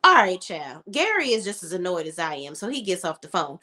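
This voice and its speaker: A woman's voice: fairly low pitch, sing-song, fairly quick, bright, forceful tone. A woman giving a casual, blunt and slangy recap of a TV episode, full of her own opinions as a show reviewer.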